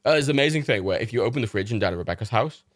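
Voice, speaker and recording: A young man hosting a livestream, telling rambling anecdotes in casual chat, animated and full of swearing. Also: mid-range voice, rapid-fire, dry recording, clean studio sound. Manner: animated storytelling with swearing and quoted voices. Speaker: livestream host.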